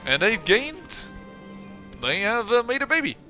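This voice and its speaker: A man's voice: very high voice, sing-song, a little slow, sharp tone, faint music behind. A man hosting a let's-play, giving game commentary as he thinks aloud, often trailing off and restarting sentences.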